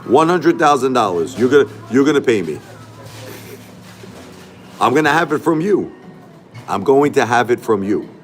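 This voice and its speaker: A man's voice: mid-range voice, sing-song, moderate pace, pauses often, faint music behind. A middle-aged man hosting a casual livestream, talking back to his chat in an emphatic, repetitive way. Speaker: livestream host.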